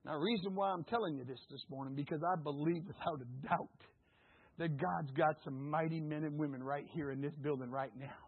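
A man preaching a sermon in an animated way, breaking into shouts and acted-out voices. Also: a little high, a little fast, breathy edge, dry recording. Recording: tinny phone-like, dry sound.

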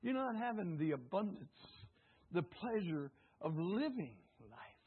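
Male preacher, fervent call-and-response sermon, husky voice, tinny phone-line sound. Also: sits high, very animated, a little slow. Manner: swings between loud exclamations and hushed asides. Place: church service.

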